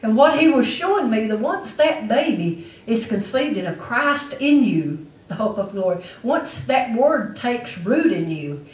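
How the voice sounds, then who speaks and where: A woman's voice: a little high, big pitch swings, unhurried. A woman preaching a testimony sermon to her church with an emphatic, repetitive delivery. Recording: echoey room, mic far off.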